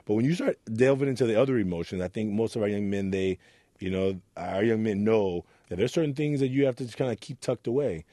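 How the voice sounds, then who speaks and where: A man from Oakland, a youth mentor, telling his story in an interview with earnest warmth and acting out the voices in it. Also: fairly low pitch, fast talker, no room sound. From Oakland, California. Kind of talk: reflective interview talk.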